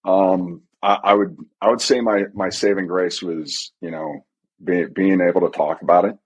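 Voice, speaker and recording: A middle-aged man being interviewed, speaking haltingly and softly with frequent fillers. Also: deep voice, steady tone, breathy edge. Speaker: guest, retired pararescueman. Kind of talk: reflective interview.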